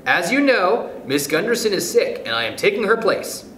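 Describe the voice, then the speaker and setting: Guy doing a bossy little mouse teacher, fussy, high and jumpy, echoey room. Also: very animated, normal speed, fairly bright tone. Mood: commanding. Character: tiny self-assured mouse playing schoolteacher. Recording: roomy echo, faint noise.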